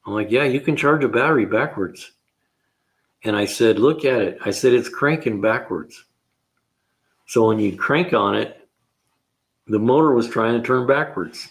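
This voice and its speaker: A man's voice: mid-range voice, moderate pace, pauses often. An older man, a retired mechanic hosting a car repair show, telling rambling shop stories in a casual way, chuckling and acting out his own lines.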